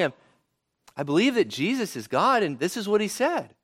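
A male pastor delivering a sermon in a conversational way, often tossing rhetorical questions to his listeners. His voice is fairly high for a man and swings widely in pitch as he explains. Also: huge pitch swings, brisk, a bit bright.

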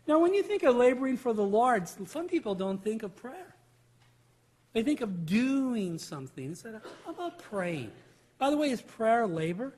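High-voiced emphatic male preacher. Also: very animated, moderate pace, darkish tone. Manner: emphatic preaching with rhetorical questions. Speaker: pastor. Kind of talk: sermon.

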